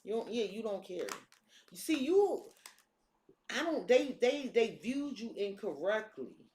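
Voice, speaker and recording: A woman's voice: fairly high pitch, very animated, a little slow, a little mellow, slight background noise. A woman doing a casual tarot reading, talking bluntly and cursing freely. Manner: blunt, profane, streetwise talk. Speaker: tarot reader. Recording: echoey room.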